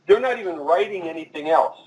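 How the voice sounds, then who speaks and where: A man giving a marketing presentation at a conference, talking fast and addressing the audience directly. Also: fairly high pitch, expressive, a little mellow. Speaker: conference speaker. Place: conference room. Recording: echoey and distant from the mic.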